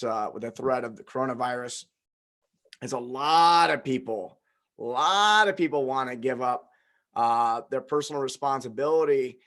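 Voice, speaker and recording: A man's voice: medium pitch, fairly bright tone. Man host with a slight drawl. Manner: slight drawl, halting restarts. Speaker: podcast host. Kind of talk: casual conversation.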